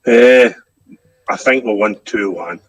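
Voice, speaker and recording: A man's voice: on the low side, slow, rough recording. A Scottish man speaking frankly and self-deprecatingly as a guest in a casual podcast chat. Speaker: guest fan.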